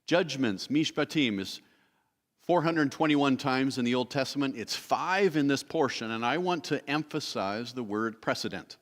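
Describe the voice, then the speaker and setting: A man of middle pitch teaches from scripture in a sermon, explaining steadily and reading passages aloud. He pauses now and then to rephrase himself. His voice rings with the long reverb of a large church hall. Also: lively intonation. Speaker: preacher teaching a Bible study. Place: church sanctuary.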